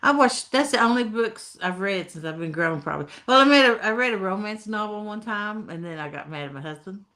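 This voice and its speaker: A woman's voice: medium pitch, lively intonation, a little fast, hardly any pauses, a bit bright. A woman from Tennessee with an Appalachian accent, hosting a casual live stream, reading chat comments in folksy talk and laughing often. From Tennessee, USA. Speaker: livestream host reading chat.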